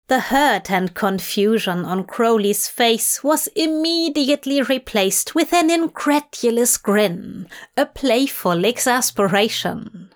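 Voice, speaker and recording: A woman reads a fan fiction story aloud in a soft, measured way. Her voice sits on the higher side and moves at an unhurried, leisurely pace. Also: lively intonation. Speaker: reader. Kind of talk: fan fiction audiobook narration.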